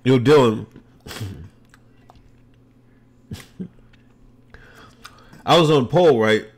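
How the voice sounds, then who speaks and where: A man's voice: medium pitch, expressive, extremely slow, vocal fry, husky. A man hosting a casual livestream podcast, answering viewer comments with loose, joking, sarcastic asides and frequent laughs.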